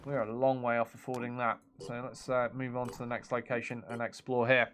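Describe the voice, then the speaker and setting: A man's voice: mid-range voice, little pitch movement, brisk, background noise. A man streaming a strategy game, chatting casually, laughing often and reading viewer messages and game text aloud. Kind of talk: casual let's-play commentary.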